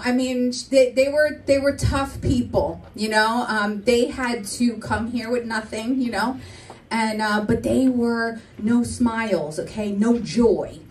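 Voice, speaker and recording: A young woman performing a stand-up comedy set, animated and slipping into quick impressions of her family. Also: a little high, distant mic, poor audio. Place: comedy club stage.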